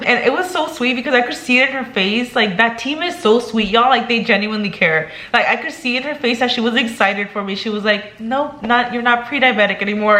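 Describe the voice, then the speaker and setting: A woman's voice: on the high side, fairly quick, few pauses, pushed and bright, echoey room. A young woman vlogging in casual chat, talking chattily and emotionally, filling her talk with "like" and "girl".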